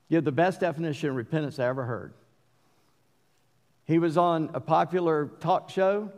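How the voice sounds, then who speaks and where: Southern preacher guy, middle-aged, kinda high voice, folksy asides then punches lines hard, big hall echo. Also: gravelly. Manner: preaching with bursts of loud emphasis, folksy asides. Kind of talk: sermon. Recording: long hall reverb.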